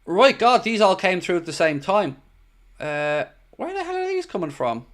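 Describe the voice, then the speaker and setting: A man's voice: high voice, sing-song, moderate pace, a bit bright. A young Irish man hosting a football watchalong stream, chatting casually and reading out viewer comments. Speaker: watchalong host.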